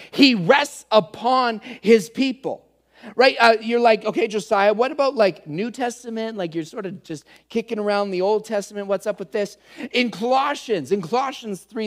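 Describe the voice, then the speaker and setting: A man preaching a conversational teaching sermon, earnest and speaking straight to his listeners as he explains word meanings. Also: sits high.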